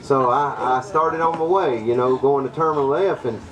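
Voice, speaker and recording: A man's voice: medium pitch, moderate pace, highs cut off. A man presenting at a workshop, telling a story to a live audience in a folksy way and laughing often. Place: workshop room. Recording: distant mic with audible noise.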